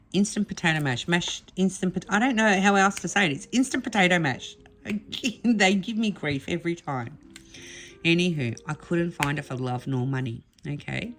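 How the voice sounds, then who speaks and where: A middle-aged woman hosting a craft vlog, telling a funny story to camera in a chatty, laughing way. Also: on the low side. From Australia. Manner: chatty, laughing, animated retelling. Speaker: craft channel host.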